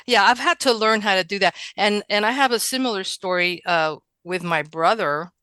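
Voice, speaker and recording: Bright, clear-voiced woman telling stories. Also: medium pitch, normal speed, no room sound. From New York. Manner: animated storyteller, laughs often, acts out quotes. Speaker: guest. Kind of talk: casual conversation, storytelling.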